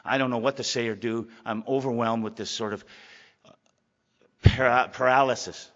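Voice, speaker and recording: A man's voice: mid-range voice, steady tone, moderate pace, a bit bright. A middle-aged man giving a candid, rambling personal talk at a recovery meeting, often repeating his words. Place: meeting hall. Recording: lo-fi hall recording.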